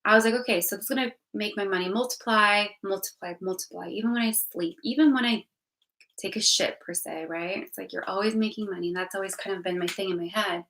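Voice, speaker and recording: A woman's voice: medium pitch, fast, a bit bright, poor audio. Woman rambling frankly through a vlog update. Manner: rambling, frank, with filler "like" and swearing. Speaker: vlogger. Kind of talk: casual livestream update.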